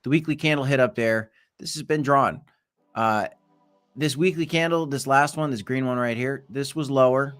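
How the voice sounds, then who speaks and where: A man's voice: medium pitch, normal speed, fairly bright tone, faint music behind. A man hosting a casual live stream of market commentary, chatty with playful asides and bursts of hype. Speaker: crypto live stream host.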